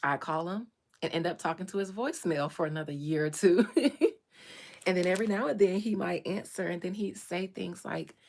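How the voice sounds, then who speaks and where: A woman's voice: fairly low pitch, normal speed, creaky, darkish tone. A woman, telling her own life story with strong feeling and repeating phrases for emphasis. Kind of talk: emotional personal storytelling.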